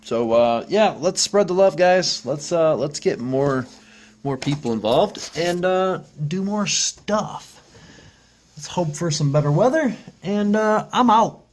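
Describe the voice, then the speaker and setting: A man with a high-sitting voice, lively intonation and a slow pace hosts a casual vlog, rambling upbeat with lots of fillers and restarts. While telling a funny story, he acts out screeching monkey sounds.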